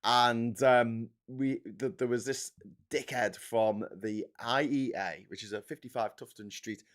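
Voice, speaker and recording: A man's voice: medium pitch, steady tone, measured pace, fairly bright tone. A man hosting a casual live stream, ranting sarcastically and mocking people in whiny put-on voices. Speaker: livestream host.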